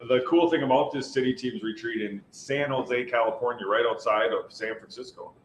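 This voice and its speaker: A man's voice: mid-range voice, normal speed. Easygoing, teasing man in an echoey room. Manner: easygoing and teasing, reading viewer comments. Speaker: co-host. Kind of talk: casual live-stream chat. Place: retreat center in California. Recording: roomy room with faint background noise.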